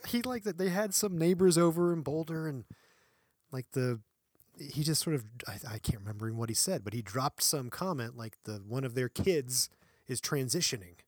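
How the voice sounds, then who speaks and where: A man's voice: medium pitch, normal speed, no echo, studio quality. A middle-aged man co-hosting a podcast, rambling through casual chat, self-mocking and laughing often. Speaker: podcast co-host.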